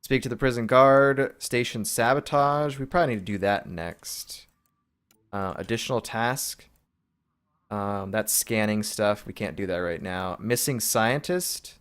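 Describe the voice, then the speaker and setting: A man's voice: fairly low pitch, unhurried, fairly bright tone, clear, resonant tone. A man casually commenting while playing a video game, reading menu items aloud half to himself in an offhand, wry way.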